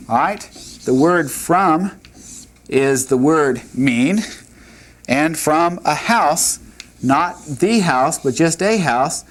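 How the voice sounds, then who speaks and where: Slow, patient male Hebrew teacher. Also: fairly high pitch. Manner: slow, patient, sounds out words. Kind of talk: classroom lecture.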